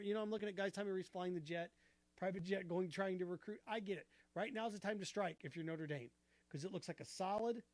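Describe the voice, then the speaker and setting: A man hosting a sports talk show, arguing his opinions with rhetorical questions in an animated, argumentative way. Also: sits high, no room sound.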